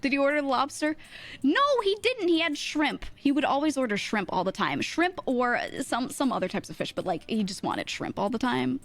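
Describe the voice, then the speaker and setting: A young woman streamer telling a story in casual chat, animated, laughing often and full of fillers. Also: on the high side.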